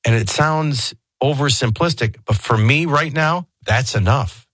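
A man's voice: mid-range voice, measured pace, a bit bright, husky, no room sound. A man hosting a talk radio show, speaking in a conversational, digressive way with folksy asides, into a studio microphone. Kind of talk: casual talk radio commentary.

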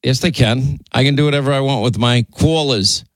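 A man's voice: medium pitch, steady tone, quick pace, dry recording. A man with a New York accent hosting a talk radio show, bantering and teasing his co-host in the studio. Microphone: studio microphone.

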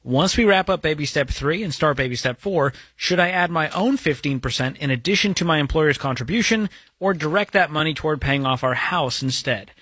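A man's voice: a little high, lively intonation, fairly quick, fairly bright tone, husky, no echo. A man co-hosting a call-in money advice show, chatty and upbeat, with a folksy way of giving advice. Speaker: radio advice show co-host. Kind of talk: casual call-in advice chat.

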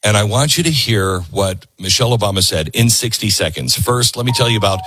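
A man's voice: on the low side, fairly quick, music in the background. A man hosting a political commentary show, talking in a sarcastic, mocking way with lots of asides.

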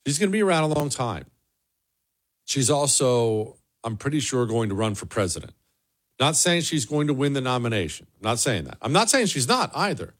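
A man delivers an opinionated solo monologue as the host of a commentary show. His pitch moves a lot, rising and dropping for emphasis, while his voice stays in an ordinary middle register. He sounds sarcastic and emphatic and often repeats phrases. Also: sing-song, moderate pace, a bit bright.

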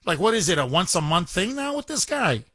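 A man hosting a call-in talk radio show, indignant and animated, repeating himself as he rants. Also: high voice, fairly quick, no room sound, clean studio sound.

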